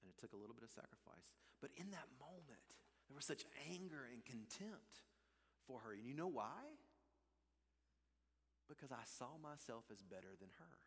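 A man preaches in a mid-pitched voice, his pitch leaping high and falling low as he acts out his own story. He teases himself with wry humor along the way. His words trail off into the long reverb of a large church sanctuary. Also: moderate pace, breathy edge. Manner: animated storytelling with self-deprecating humor. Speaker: pastor. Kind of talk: sermon with personal story.

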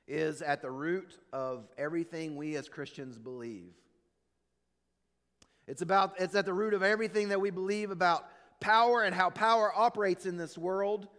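A higher-pitched male preacher delivers a sermon in a church, and his voice rings out in a long hall reverb. He tells stories with animated quoted lines and then sinks low and soft for emphasis. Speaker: pastor.

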